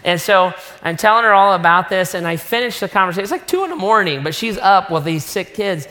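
A middle-aged man preaching a sermon, telling a personal story in an animated, self-mocking way. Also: sits high, fairly quick. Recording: long reverb of a large hall.

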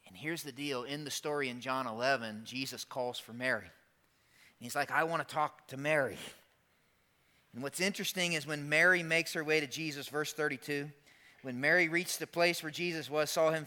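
A male pastor preaching an Easter sermon, dropping soft and low, then building loud and high. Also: normal speed.

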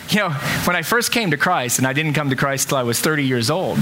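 A man's voice: on the high side, expressive, brisk, noisy background. A middle-aged male pastor giving a conversational sermon in a church, full of rhetorical questions.

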